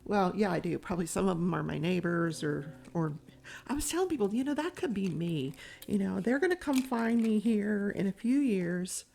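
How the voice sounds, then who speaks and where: A woman rambles casually while working on a diamond painting, chatting away and poking fun at herself. Her mid-range voice is expressive, creaky and dark in tone, at a normal speed.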